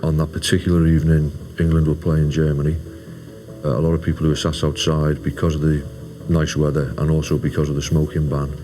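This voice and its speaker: A man giving a documentary interview in a calm, factual manner. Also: very deep voice, fairly quick, soft background music.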